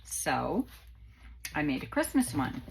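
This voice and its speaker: A woman's voice: sits low, big pitch swings, slow pace, creaky, background noise. A middle-aged woman, chatting casually and rambling with many ums as she hosts her craft channel. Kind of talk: casual chat to viewers.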